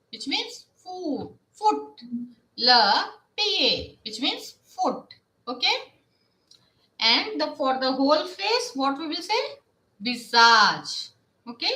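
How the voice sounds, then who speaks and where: A woman teaching a live online lesson, drilling words with slow repetition and frequent checks of "Ok?". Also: high voice, sharp tone, roomy sound. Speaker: French teacher.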